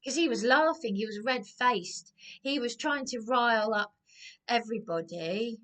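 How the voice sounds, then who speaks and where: A woman with a fairly high voice, holding forth in a slow, aggrieved rant. She rambles and circles back over her own words, agitated throughout. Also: fairly bright tone. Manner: rambling, agitated, repeats herself. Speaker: vlogger. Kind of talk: aggrieved personal rant to camera.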